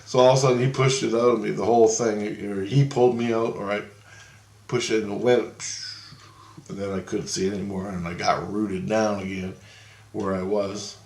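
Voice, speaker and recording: This middle-aged man recounts his visions at a normal speed, his lowish voice a little mellow and his intonation fairly even. He rambles casually through a long tale, chuckling frequently and going louder for the people he quotes, all in an echoey, roomy space.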